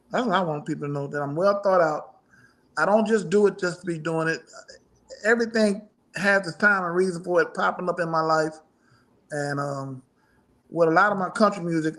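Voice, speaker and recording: Man, high voice, middle-aged, rambling casual talk, profane, laughs a lot. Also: moderate pace, fairly bright tone. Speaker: musician guest. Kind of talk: casual interview chat.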